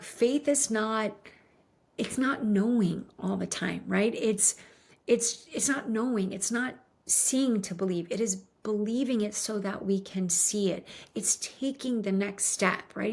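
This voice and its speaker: A woman giving an earnest motivational talk, coaching her listeners and often checking in with "right?". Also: fairly high pitch. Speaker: motivational speaker.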